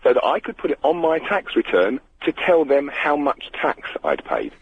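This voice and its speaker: A man from Britain with a slightly croaky voice calling a radio show, explaining his case earnestly. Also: on the high side, huge pitch swings, moderate pace, dry recording. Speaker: caller. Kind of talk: phone-in chat. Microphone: telephone. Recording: lo-fi phone line.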